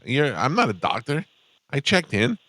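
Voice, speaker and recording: A man's voice: medium pitch, sing-song, moderate pace, bright, forceful tone, no echo. A male radio host teasing his guest in dry, joking banter.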